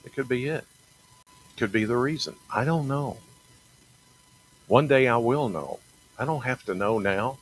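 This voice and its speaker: A middle-aged man talking earnestly about his faith in a halting, personal monologue, often repeating and restarting phrases. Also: medium pitch, slight background noise, rough recording. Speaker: TV meteorologist sharing faith talk.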